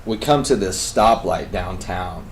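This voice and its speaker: A man on a talk show, telling a story with energy. He swings between loud, emphatic bursts and hushed, intense passages. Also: sits low, expressive, unhurried, a little hiss or hum, low-quality recording. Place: radio studio.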